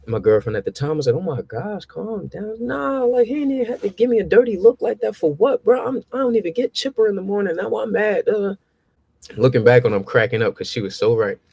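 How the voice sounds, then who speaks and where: Speaking quickly in a creaky, husky voice, this young man shares stories in a relaxed conversation. He gets animated, replaying his old exchanges and lifting his pitch as he acts them out.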